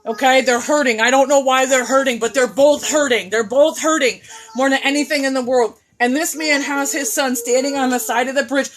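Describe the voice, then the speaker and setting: A woman hosting a live stream from home, ranting with emphatic, profane force and swinging between loud and hushed talk. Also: high-pitched, fairly even intonation, fairly quick. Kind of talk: impassioned live rant.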